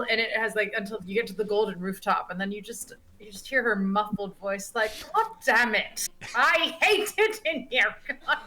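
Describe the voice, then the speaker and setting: A woman's voice: medium pitch, bright, forceful tone, slight background noise, rough recording. A woman playing in a tabletop game, describing her character in a chatty, giggly way full of fillers. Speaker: player. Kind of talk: casual role-play storytelling.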